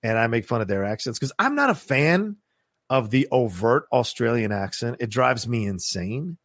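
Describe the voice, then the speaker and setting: A man co-hosting a podcast in casual chat, animated and swearing casually. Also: medium pitch, moderate pace, dry recording, clean studio sound. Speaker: podcast co-host.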